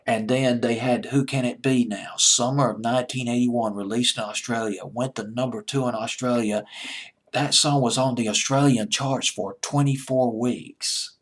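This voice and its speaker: Hosting a music countdown, this Southern American man speaks at a normal speed in a medium-pitched, steady tone. His commentary is casual, chatty and self-mocking, wandering freely as he reminisces about old hits.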